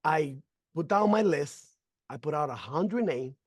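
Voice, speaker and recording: Animated man telling his testimony. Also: fairly high pitch, a little slow, breathy edge, no room sound, clean studio sound. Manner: animated, acting out conversations, stumbling fillers; emotional, faith-filled. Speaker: member sharing a testimonial. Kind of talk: personal testimony storytelling.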